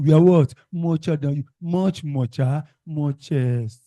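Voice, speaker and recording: Nigerian male teacher, slightly high voice, slow and deliberate, call-and-response drilling, dry close sound. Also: warm tone, dry recording. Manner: call-and-response questioning, repeats words for the class. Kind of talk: classroom exam-prep lesson.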